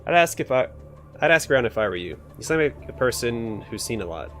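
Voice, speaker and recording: A man's voice: mid-range voice, very animated, brisk, fairly bright tone, soft background music. Man playing a boastful city militiaman. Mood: proud. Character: proud male city militiaman officer.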